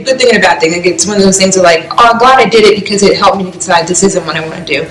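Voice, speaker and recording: A woman's voice: on the low side, fast talker, a bit bright, soft background music. Rambling young woman in echoey room. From US East Coast. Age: young adult. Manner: rambling, heavy use of "like", emotional. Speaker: vlogger reacting to music. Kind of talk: casual reaction vlog.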